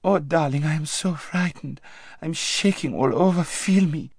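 A man putting on a squeaky, whimpering young noblewoman. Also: sing-song, moderate pace, no room sound, exaggerated voice. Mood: frightened whining. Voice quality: breathy and squeaky. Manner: whimpering and pleading. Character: timid, whiny, fussy young noblewoman. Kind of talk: audiobook narration. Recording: dry close studio sound.

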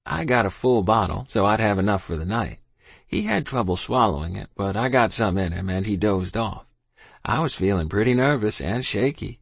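A man with a low, slightly husky voice tells a first-person tale in a plain, folksy rural dialect. He reads steadily and close to the microphone, and the sound is dry with no room echo. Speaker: audiobook narrator. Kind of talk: first-person storytelling narration.

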